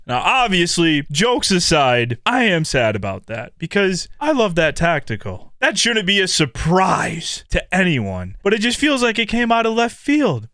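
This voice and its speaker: A young man venting in a candid gaming vlog, animated and profane, swinging into loud mock-dramatic outbursts. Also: fairly high pitch, moderate pace, clean tone, dry recording, clean studio sound. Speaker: gaming YouTuber.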